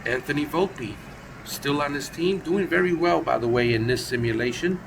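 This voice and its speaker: Gravelly-voiced man calling baseball play-by-play. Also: a little high, normal speed, background noise. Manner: casual and chatty, with asides and self-corrections. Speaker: play-by-play commentator. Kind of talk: solo play-by-play of a simulated baseball game.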